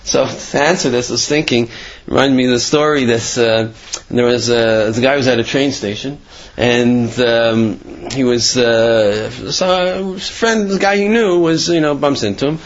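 A man's voice: mid-range voice, unhurried. Rambling man telling religious stories. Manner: rambling, many fillers and restarts. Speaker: Torah storyteller. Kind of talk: casual religious storytelling. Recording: dull lo-fi recording.

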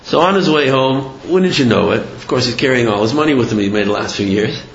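A man teaching a religious lesson, telling a story in an animated, digressive way with many fillers. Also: mid-range voice, brisk, slight background noise. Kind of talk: sermon with storytelling. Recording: roomy, slightly dull recording.

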